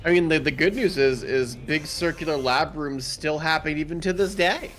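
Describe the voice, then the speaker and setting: A man's voice: on the high side, normal speed, a bit bright, soft background music. A man co-streaming a game, dropping dry quips from the side.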